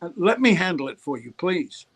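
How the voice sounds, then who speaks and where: A pushy male showbiz agent , as an older man acts him out, leaning on every line with urgent insistence. The voice jumps up high and pushes hard to persuade. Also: sing-song, moderate pace, husky, heavily acted. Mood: urgent pleading. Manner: insistent, pleading.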